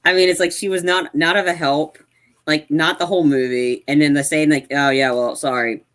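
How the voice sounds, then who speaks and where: A man's voice: fairly high pitch, fairly even intonation, a little fast, a bit bright. Ranting man reviewing a movie. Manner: exasperated, ranting, full of "like" and restarts. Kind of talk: casual spoiler review chat.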